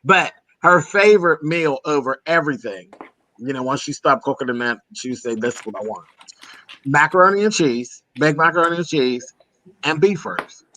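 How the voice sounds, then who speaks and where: Man, from Pennsylvania, casual chat host, bright sharp voice, breezy laughing talk. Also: fairly high pitch, animated, normal speed. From Pennsylvania, USA. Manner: chatty, laughing, calls listeners honey and girl.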